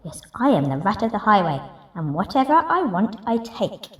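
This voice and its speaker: A woman voicing a greedy, boastful male rat highwayman in a gruff, swaggering voice, reading a picture book aloud. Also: big pitch swings, moderate pace, lightly acted. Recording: roomy echo, distant mic.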